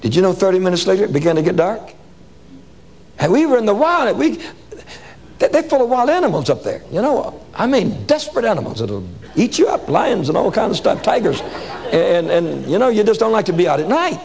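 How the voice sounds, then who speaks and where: A man preaching a sermon full of stories, animated and colloquial, repeating words for emphasis. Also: high-pitched, brisk, creaky, breathy edge. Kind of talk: sermon with storytelling.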